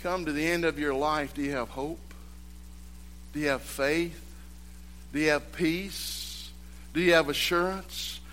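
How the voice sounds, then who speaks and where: Slow, bright-voiced preacher man. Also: a little high, steady tone, slight background noise. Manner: swings from loud, emphatic exhortation to hushed storytelling. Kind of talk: sermon.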